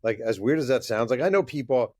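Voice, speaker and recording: A man from New York state talks as a podcast guest, loose and conversational, with a few hesitant pauses. His voice sits in the middle range for a man. The recording is dry and close. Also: mid-range voice, dry recording. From New York state, USA. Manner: relaxed, conversational, hesitant fillers. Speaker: guest author and journalist. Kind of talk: casual interview talk.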